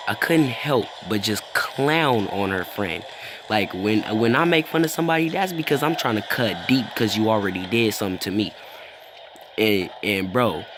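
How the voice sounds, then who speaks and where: A teenage boy casually telling a rambling story, acting out both sides and filling it with "bro" and "like". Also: lowish voice. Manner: rambling, animated retelling with lots of "bro" and "like". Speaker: vlogger. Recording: noticeable background noise.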